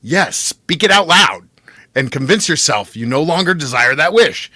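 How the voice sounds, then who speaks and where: Man doing a raised, drawn-out mystic guide voice, bright and lively. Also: a little high, dry recording, clean studio sound, exaggerated voice. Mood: solemn. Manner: slow, intoning, slips into an accent. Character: solemn mystic male guide leading a wish ritual.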